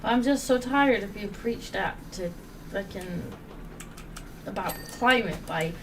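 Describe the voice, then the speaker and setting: A woman's voice: mid-range voice, lively intonation, unhurried, distant mic, background noise. Ranting woman, off-mic. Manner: exasperated ranting, swears, laughs often. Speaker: podcast host. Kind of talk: casual chat while gaming.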